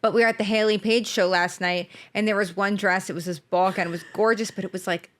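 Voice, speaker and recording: A woman's voice: medium pitch, steady tone, fast talker, fairly bright tone. A young woman co-hosting a podcast in casual chat, rambling and packing her sentences with fillers. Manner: rambling, heavy use of filler "like". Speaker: podcast co-host.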